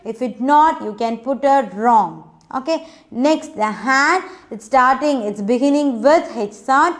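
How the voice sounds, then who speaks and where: High-voiced woman teacher, slow, patient and coaxing, for a kids' phonics lesson. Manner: coaxing, repeats words and asks children to say them loudly.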